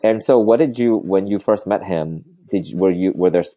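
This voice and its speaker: A man in his thirties hosting a podcast interview, playful and quick to laugh. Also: deep voice, dark tone. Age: 30s. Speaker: podcast host. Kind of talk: casual interview.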